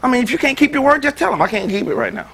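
A man preaching a sermon as pastor, swinging between loud exclamations and quiet asides. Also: extremely high pitch, very fast, gravelly. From United States.

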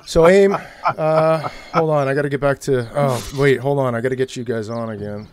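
An energetic male streamer hosting guests on a live broadcast, thinking aloud as he sorts out his screen. His delivery is casual and a little profane. Faint noise sits behind him. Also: medium pitch, moderate pace. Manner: energetic, swearing, thinking aloud while fiddling with settings. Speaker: streamer, host.

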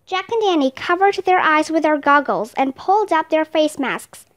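A woman reads a children's chapter book aloud in clear, steady storytelling. Her voice sits high. The narration runs at an even pace. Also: normal speed. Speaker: reader.

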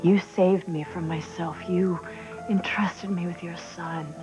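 An actress playing a young wife softly apologizing to her husband in a soap opera. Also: on the low side, fairly even intonation, measured pace, close to an everyday voice. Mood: apologetic. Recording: dull soap audio with music.

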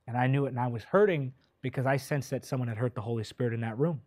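A man preaching a sermon with passion, speaking directly to his listeners, drawing out key words slowly, swelling loud and then dropping to a hush. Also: mid-range voice, no room sound, clean studio sound. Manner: impassioned, swells loud then drops soft; slow, drawn-out delivery when stressing key words.

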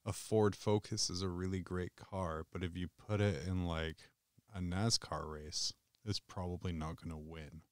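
Smooth low-voiced joking man. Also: steady tone, dry recording, clean studio sound. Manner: joking, swears, quick asides. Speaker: podcast co-host. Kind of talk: casual chat.

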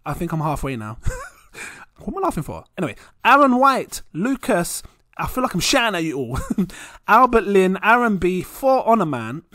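A man's voice: sits high, big pitch swings, unhurried, creaky, pushed and bright, dry recording, clean studio sound. A young man hosting his own crypto channel, chatting casually and rambling, often laughing at himself. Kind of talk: casual vlog talk to camera. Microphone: plugged-in desk microphone.

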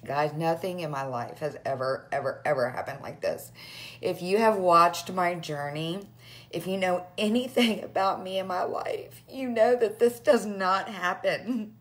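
A woman's voice: lowish voice, a little slow. A woman in her thirties chatting to her followers while teary and crying, laughing through her tears. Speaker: direct sales vlogger. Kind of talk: emotional casual live chat.

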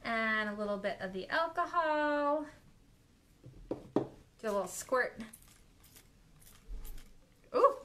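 A woman who owns an art studio, excitedly demonstrating a craft technique on a live stream, gasping and delighting at the results. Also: a little high, slow pace, long pauses, noisy background. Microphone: phone or camera on live stream.

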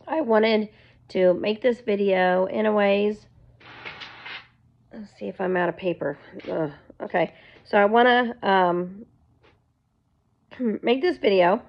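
Woman vlogging from home, slow earnest rambly testimony, kinda muffled lo-fi sound. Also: mid-range voice, vocal fry. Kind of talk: casual faith testimony to camera. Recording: dull lo-fi recording.

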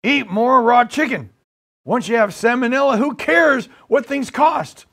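A man's voice: very high voice, creaky, fairly bright tone, voice pushed up, exaggerated voice. Man doing a rambling confused old president. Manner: halting, repeating himself, trailing off.

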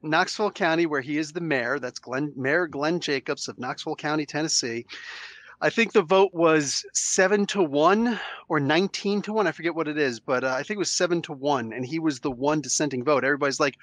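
A man co-hosting a casual podcast, ranting with plenty of animation. His voice sits high for a man and sounds dry and close, with no room echo. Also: a little fast. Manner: animated ranting, does impressions. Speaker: podcast co-host.

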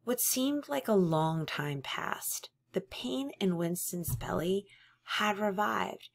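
A woman reading a novel aloud in a measured, steady narration. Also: mid-range voice, gravelly. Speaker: audiobook reader.

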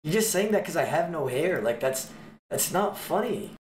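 A man livestreaming, joking with his chat in loud, swearing banter. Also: a little high, lively intonation, normal speed, echoey room, very noisy.

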